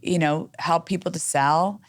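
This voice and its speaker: A woman's voice: fairly low pitch, steady tone, unhurried, dry recording, studio quality. A middle-aged woman, a company head talking as a guest, effusive and chatty with many restarts. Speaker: brokerage CEO guest. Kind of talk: casual interview chat.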